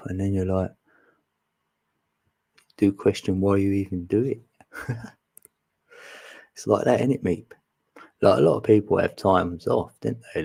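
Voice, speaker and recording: A man's voice: low-pitched, gravelly, a little mellow. A man, chatting casually with viewers on a live stream, laughing often and teasing them.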